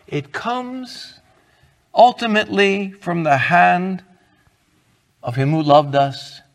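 Slow, earnest preaching man in a hall. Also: sits high. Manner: earnest, conversational preaching with rhetorical questions. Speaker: pastor. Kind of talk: sermon.

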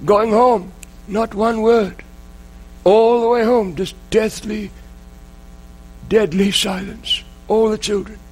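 A man preaching a sermon, telling a story in an earnest, emotional way with dramatic pauses. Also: sits high, fairly even intonation, a little mellow, poor audio.

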